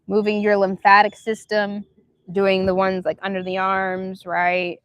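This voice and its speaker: A woman hosting a casual spiritual livestream outdoors, musing softly and guiding slow breathing. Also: mid-range voice, completely flat delivery, clean tone, no room sound. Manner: meandering, soft and reflective, guides slow breathing. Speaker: livestream host. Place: outdoors near a park.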